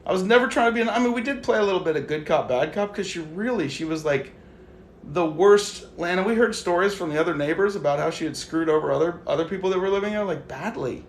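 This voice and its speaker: A young man telling a story on a live stream in a casual, animated way, swearing freely and acting out what he said to others. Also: high voice, quick pace, echoey room, slight background noise. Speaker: livestream host. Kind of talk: casual livestream chat.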